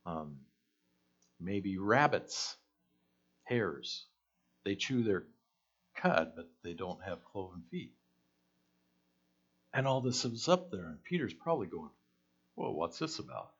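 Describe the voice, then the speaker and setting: A man's voice: on the low side, animated, slow pace, long pauses, breathy edge, lo-fi sound. A man preaching a conversational sermon, asking the listeners questions and acting out the voices in the story.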